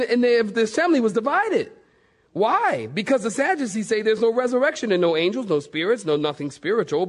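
A male pastor preaching a sermon in a lively, playful way, acting out bits of the story. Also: high-pitched. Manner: animated, playful, acts out voices.

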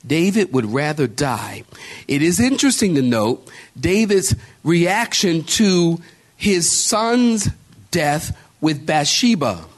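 A man's voice: a little high, very animated, takes it slowly. A man preaching a sermon as pastor, emphatic and calling out to his congregation with repeated exhortations. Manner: calls out to the congregation.

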